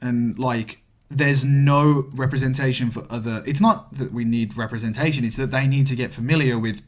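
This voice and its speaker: A man's voice: mid-range voice, steady tone, normal speed. A British man co-hosting a casual podcast chat, joking wryly and finishing his partner's sentences. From Britain. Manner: wry, banters and finishes the other's sentences. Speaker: podcast co-host.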